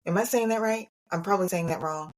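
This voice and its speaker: A woman's voice: medium pitch, fast. A woman hosting a casual interview, asking questions in a searching, curious way. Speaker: podcast host.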